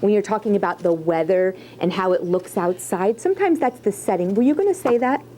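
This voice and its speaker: A woman's voice: medium pitch, animated, a little fast, warm tone, slight background noise, poor audio. A woman teacher leading a writing lesson, asking question after question and encouraging her students. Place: classroom.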